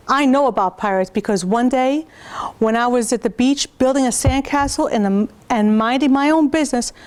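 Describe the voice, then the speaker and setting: A woman reading picture books aloud at a preschool storytime, pausing to point out pictures to her young listeners. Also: sits high, a little mellow.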